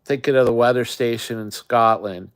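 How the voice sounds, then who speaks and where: A man's voice: mid-range voice, steady tone, moderate pace, clean tone. A man hosting a casual live chat, rambling and talking straight to his viewers. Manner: rambling, chatty, talks to viewers. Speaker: livestream host.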